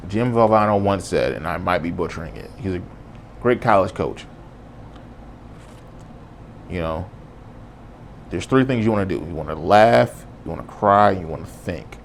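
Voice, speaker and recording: Low gravelly man, earnest podcast talk. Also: lively intonation, moderate pace, long pauses, slight background noise. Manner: earnest, casual, reflective, says "bro". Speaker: podcast host. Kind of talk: solo podcast monologue.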